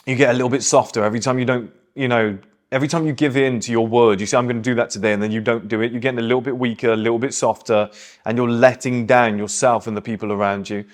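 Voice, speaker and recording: A man's voice: mid-range voice, fairly even intonation, fast talker. A young man hosting, delivering a blunt, emphatic motivational monologue. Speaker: host.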